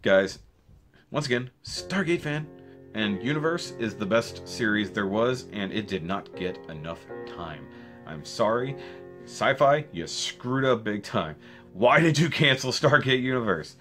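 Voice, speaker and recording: A man recapping a show in a casual spoken review, rambling and excitable, with restarts and rhetorical questions. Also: lowish voice, a little slow, faint music behind. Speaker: video reviewer.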